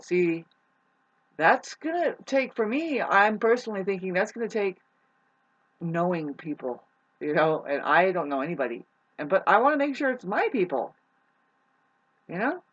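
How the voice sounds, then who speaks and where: A casual vlogger rambling to the camera, voice sitting at a middling pitch. The talk meanders and circles back with frequent restarts and offhand swearing. The audio is a bit dull and lo-fi. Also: big pitch swings, moderate pace, pauses often, fairly bright tone. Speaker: astrology vlogger. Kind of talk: casual rambling monologue to viewers.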